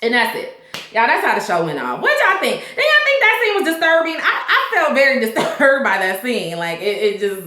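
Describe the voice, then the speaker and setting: Woman vlogger with features, talks straight to her audience, slightly high bright voice, echoey home setup. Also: a little fast. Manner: chatty, animated, addresses viewers directly. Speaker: YouTube TV recap host. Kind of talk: casual vlog recap.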